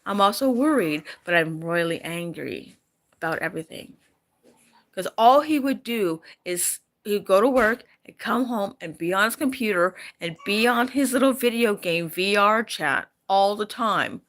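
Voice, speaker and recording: A woman's voice: medium pitch, animated, measured pace, a bit bright. A middle-aged woman vlogging, angry and upset, repeating herself as she vents after sleepless nights. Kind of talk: emotional personal vlog.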